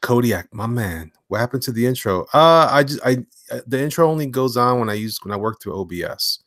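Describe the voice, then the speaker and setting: Slangy, animated man hosting a stream. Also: fairly quick, dry recording, clean studio sound. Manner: animated, slangy, hyped one moment and mumbling low the next. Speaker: livestream host and comic illustrator. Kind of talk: casual live-stream chat while drawing. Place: home studio.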